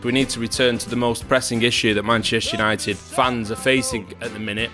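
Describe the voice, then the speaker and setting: A man co-hosting a football podcast, wry and quick to laugh. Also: medium pitch, fairly even intonation, over music. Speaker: podcast co-host. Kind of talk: casual chat.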